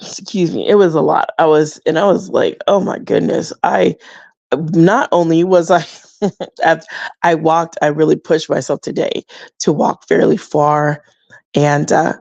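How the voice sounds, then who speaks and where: A middle-aged woman with a gravelly, mellow voice talks casually and reflectively on her podcast, often breaking into soft laughs. The sound is dry and a little dull, as if from a basic home mic. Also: low-pitched, no room sound. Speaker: podcast host. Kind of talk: casual personal talk.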